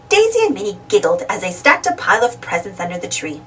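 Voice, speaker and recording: A woman reading a children's storybook aloud, expressive and animated, a little away from the mic. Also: medium pitch, quick pace, hardly any pauses, distant mic, a little hiss or hum, rough recording. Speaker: storybook reader.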